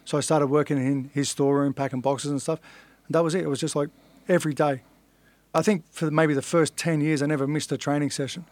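A man's voice: on the high side, level tone, quick pace, a little mellow, no echo. A middle-aged man with an Australian accent telling his life story in a casual interview, blunt and swearing freely, acting out the voices he quotes. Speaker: podcast guest, fighter.

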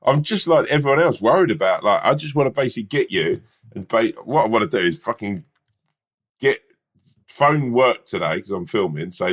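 Male podcast co-host, low voice with wide swings, jokey storyteller who laughs a lot. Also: expressive, fairly quick. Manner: laughing, acts out others' voices in stories. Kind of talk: casual comedic chat.

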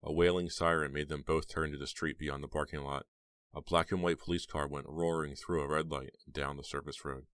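A man narrating a horror novel as an audiobook in a steady, measured way. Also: very deep voice, clear, resonant tone, dry recording.

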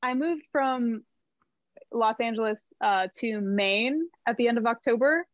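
A woman from New Jersey talks as a podcast guest, pausing to find her words and slipping in dry jokes. Her voice sits a little high, and the recording sounds dull and lo-fi. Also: no echo. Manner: thoughtful, halting, wryly playful. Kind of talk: casual interview chat. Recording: dull lo-fi mic.

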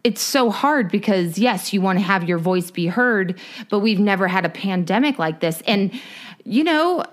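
A woman co-hosting a casual podcast chat, speaking in a halting way and joking to cope with a dark topic. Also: mid-range voice, animated. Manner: slow, halting, nervous laughter, jokes to cope. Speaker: podcast co-host. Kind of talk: casual conversation.

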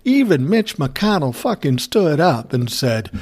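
A man's voice: on the high side, big pitch swings, measured pace, few pauses, a little mellow, breathy edge. A man hosting a casual ranting monologue, telling a story in a profane, sarcastic way. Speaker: commentary host.

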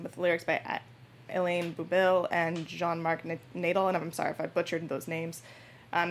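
A woman's voice: fairly low pitch, slight background noise. A woman co-hosting a podcast, casually sharing background facts and laughing at her own stumbles. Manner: informative, shares trivia, self-deprecating laughs. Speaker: podcast co-host. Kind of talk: casual chat.

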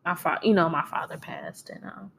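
A woman's voice: fairly low pitch, fairly even intonation, moderate pace, gravelly, breathy edge. A woman giving an earnest, encouraging devotional talk while tearful and crying a little. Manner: earnest and encouraging, with soft laughs. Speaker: speaker sharing faith.

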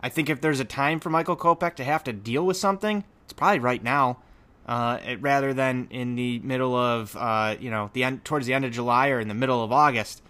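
A man co-hosting a relaxed sports podcast, talking at an everyday pitch. He rambles in long stretches, full of fillers and restarts. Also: a little fast. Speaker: podcast co-host. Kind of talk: casual sports podcast chat.

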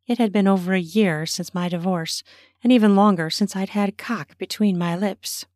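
A woman narrating her own erotic story in a slow, intimate way, slipping into whispers. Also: mid-range voice, a little mellow, no room sound, clean studio sound.

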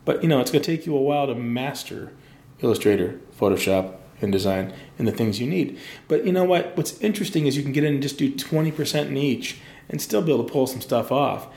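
A man's voice: mid-range voice, creaky, a little mellow, reverberant. A man, a designer, in a loose, rambling podcast chat, swearing freely. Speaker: graphic designer guest. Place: campus room with posters.

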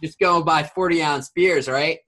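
A man's voice: on the high side, moderate pace. A man in his forties telling a rambling story in a casual chat, full of fillers. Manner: rambling, filler-heavy, animated retelling.

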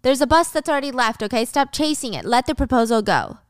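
A woman's voice: high voice, sing-song, quick pace, smooth, dry recording, studio quality. A woman voicing a condescending young boyfriend who brushes his girlfriend off. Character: dismissive cheating young boyfriend.

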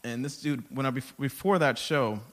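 A man who does stand-up comedy, telling profane stories in a casual podcast chat with big swings in loudness. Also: mid-range voice, moderate pace. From Texas. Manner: profane storytelling, animated swings in volume.

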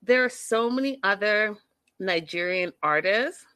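Woman vlogger, casual sassy recap host, bright tone, unhurried, dry close mic. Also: medium pitch, no echo. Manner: animated, sassy, addresses viewers as y'all, acts out quotes.

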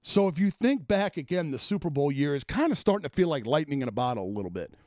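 A man's voice: a little high, big pitch swings, fast, darkish tone, dry recording, studio quality. A man hosting a sports podcast, ranting casually with plenty of swearing and exasperated asides. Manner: profane, exasperated, rambling.

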